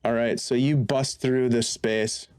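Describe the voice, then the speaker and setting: A man's voice: mid-range voice, a little slow, clean tone. Man narrating as game master. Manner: relaxed, describing scenes and calling for rolls.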